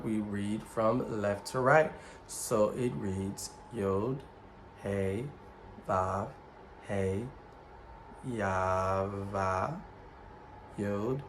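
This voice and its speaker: Man, ministry teacher, unhurried, gravelly, casual lesson, deliberate. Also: on the low side, a little hiss or hum, poor audio. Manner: slow, deliberate, spells out letters one by one. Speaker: ministry youth leader teaching Hebrew words.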